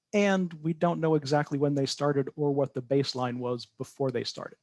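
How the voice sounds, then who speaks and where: Brief: male researcher guest, measured explainer, mid pitch, dry close sound. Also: gravelly, a little mellow, no room sound. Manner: measured, explanatory, self-correcting. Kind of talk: podcast interview answers.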